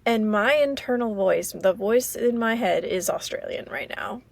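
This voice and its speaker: An American woman from Maryland hosting a casual solo podcast, rambling and halting with many fillers. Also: a little high, vocal fry, no echo. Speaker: podcast host.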